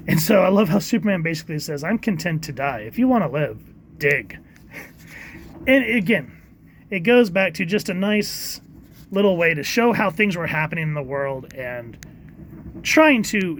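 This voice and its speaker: Man, comic reviewer, casual and chatty, slightly high voice, faint noise behind. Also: fairly bright tone. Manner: reads quoted lines in quick put-on voices, halting with fillers. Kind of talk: casual review, reading panels aloud.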